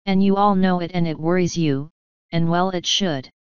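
A woman reading the part of a retired older male colonel, speaking in a measured, wry and quietly scornful way. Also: on the low side, steady tone, clear, resonant tone, no room sound, lightly acted. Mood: dry wry. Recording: dull lo-fi sound.

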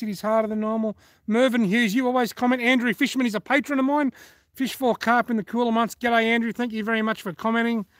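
Chatty Australian man, higher pitched. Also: a bit bright, no room sound. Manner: chatty, laughs at his own jokes. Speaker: fishing channel host. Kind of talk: casual live-stream chat reading comments.

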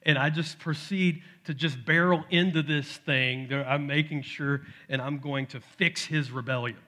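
A middle-aged man preaching a sermon, telling a family story with lively acted-out voices. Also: on the high side, normal speed. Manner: animated storytelling, acts out his toddler's shouts. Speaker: pastor. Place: church sanctuary.

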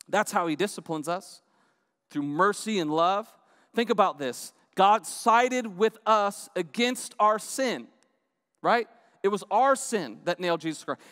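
High-voiced pastor in a reverberant church. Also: male voice, a bit bright. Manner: conversational, keeps asking the crowd "right?". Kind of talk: sermon. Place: church auditorium.

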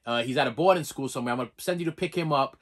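A man's voice: mid-range voice, rapid-fire. A man hosting his own channel, rambling in a casual vlog, tripping over and repeating words as he thanks a viewer sincerely. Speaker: channel host.

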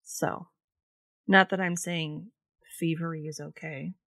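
A woman co-hosting a casual podcast, reading from her notes in a relaxed way. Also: deep voice, slow pace, no room sound. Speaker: podcast co-host, researcher.

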